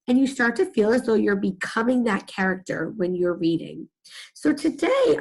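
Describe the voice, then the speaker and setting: A woman's voice: a little high, breathy edge, low-quality recording. A middle-aged woman teacher giving a reading lesson to young children, telling the story expressively.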